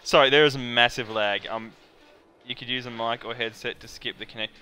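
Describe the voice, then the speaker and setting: A man streaming a game live on a headset, chatting casually in an excitable, joking, self-deprecating way. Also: mid-range voice, fairly quick.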